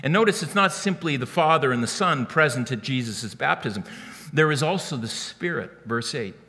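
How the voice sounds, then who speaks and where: A man preaching a sermon in an animated way, often repeating words as he starts a phrase. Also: medium pitch, moderate pace, big-room sound. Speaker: pastor.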